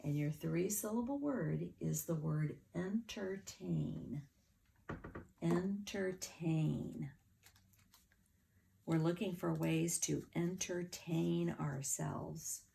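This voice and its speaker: A low, gravelly woman's voice teaching children to read, sounding out each word in slow, careful steps. Her tone is dark and mellow, with faint room noise behind her. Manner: slow, clear word-by-word spelling with claps and sounding out. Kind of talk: children's phonics lesson.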